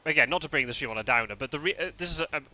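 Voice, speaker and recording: A man's voice: a little high, animated, rapid-fire, pushed and bright, slight background noise. A Scottish man streaming a game live, chatting casually with his viewers, often laughing and restarting his sentences. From Scotland.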